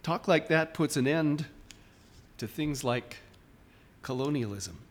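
A man's voice: on the high side, expressive, takes it slowly. A man preaching a sermon in a church, informal and questioning, often restarting his sentences. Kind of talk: conversational sermon.

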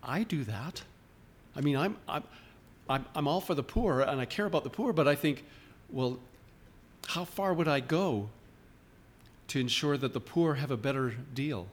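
A man's voice: mid-range voice, animated, normal speed, long pauses. A man preaching a sermon in a church, informal and questioning, often restarting his sentences. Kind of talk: conversational sermon.

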